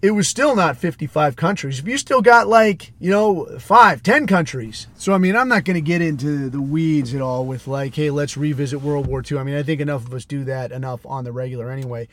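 Sarcastic, foul-mouthed man with a higher voice. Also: animated, fairly quick, few pauses, fairly bright tone, no room sound. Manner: profane, sarcastic, mimics people he mocks. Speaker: podcast host. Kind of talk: casual solo rant.

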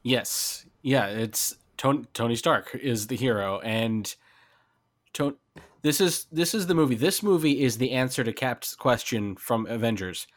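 A man's voice: medium pitch, lively intonation, a little slow. Chatty man debating a film. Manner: enthusiastic, restarts often, quotes lines. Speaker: podcast co-host. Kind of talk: casual film discussion.

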